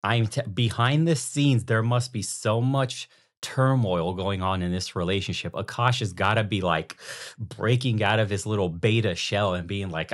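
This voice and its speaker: Low-voiced mocking commentary host. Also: male voice, normal speed. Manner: mocking, crude, slangy. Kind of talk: reaction commentary.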